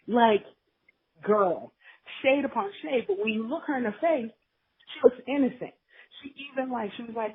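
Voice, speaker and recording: A woman's voice: a little high, moderate pace, husky. A woman co-hosting a podcast, recapping a drama in casual, gossipy storytelling and acting out the characters' lines. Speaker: podcast co-host. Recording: tinny phone line.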